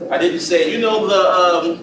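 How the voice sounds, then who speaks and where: A man teaching a music master class in a lively, playful way, often asking the room whether they understand. His voice sits high and comes from a mic set well back in a large, booming hall. Steady background noise runs underneath. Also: moderate pace, far from the mic. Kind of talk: lively teaching talk to students. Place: lecture hall.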